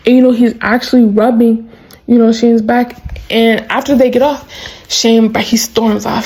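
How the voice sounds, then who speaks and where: A young woman vlogging in an excitable, chatty way, with frequent laughs and plenty of "like" and "bro." Her voice sits a bit high with a mellow, warm tone. She keeps to a casual, talking-to-a-friend delivery. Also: moderate pace, gravelly, rough recording. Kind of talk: casual chat, recapping a show.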